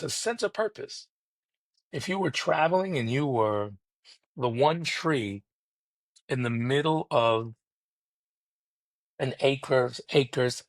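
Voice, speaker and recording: A man's voice: fairly high pitch, no room sound. A man speaking as a podcast guest over a remote call, preachy and emphatic, building rhythmic motivational lines.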